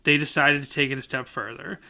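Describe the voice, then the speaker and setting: A man hosting a podcast, casually reading an article aloud with quick asides and chuckles. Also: medium pitch, fairly even intonation, vocal fry, pushed and bright. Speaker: podcast host.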